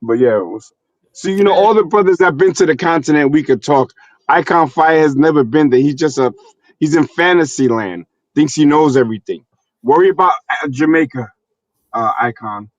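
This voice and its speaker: A man's voice: on the high side, normal speed, dry recording, lo-fi sound. A man hosting a live stream debate, who talks in a blunt, provocative and dismissive way. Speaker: stream host.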